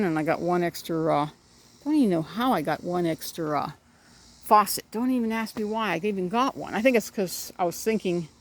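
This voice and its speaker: A middle-aged woman rambling casually about her backyard garden and chickens, chatting to her birds as she films on a phone outdoors. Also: mid-range voice.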